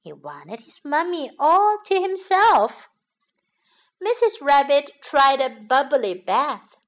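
A woman narrating a bedtime story for English learners in a slow, expressive read-aloud manner. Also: high-pitched.

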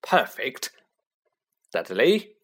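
Guy doing a loud snarly bossy uncle type, lots of bluster. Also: mid-range voice, wildly swooping pitch, drawn-out words, breathy edge, heavily acted. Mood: bullying. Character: blustering bullying middle-aged man.

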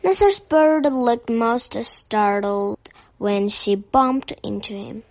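A woman narrating a children's story with a gentle, careful reading. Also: on the high side, slow pace, no echo. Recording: dull dry lo-fi recording.

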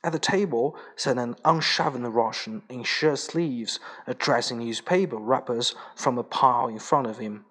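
A man reads a story aloud at a middling pitch. His narration is plain and steady. Now and then he stumbles and restarts a word. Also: moderate pace, hardly any pauses, breathy edge. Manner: plain reading with small slips and restarts. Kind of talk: audiobook reading.

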